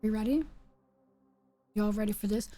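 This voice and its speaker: A woman's voice: mid-range voice, fairly even intonation, moderate pace, warm tone, soft background music. A woman hosting a live stream, chatting playfully with her viewers while she plays a game. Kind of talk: casual live-stream chat while gaming.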